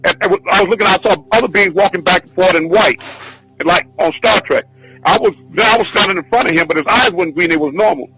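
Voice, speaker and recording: A man teaching a spiritual class, telling a long personal story in an excited, rambling, repetitive way. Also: high-pitched, fast talker, slightly rough, no room sound, soft background music, poor audio. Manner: excitable, repetitive, restarts often. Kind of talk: rambling spoken testimony.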